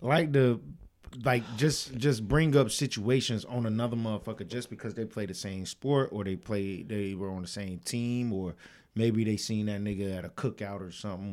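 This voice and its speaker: A man co-hosting a podcast in casual, profane chat, animated and quick to laugh. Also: fairly low pitch. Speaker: podcast co-host.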